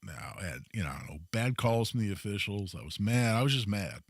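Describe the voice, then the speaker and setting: A man hosting a talk radio show, telling a story in an emphatic, animated way. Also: lowish voice, brisk, slightly rough, dry recording, studio quality. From Indiana, US. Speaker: radio host.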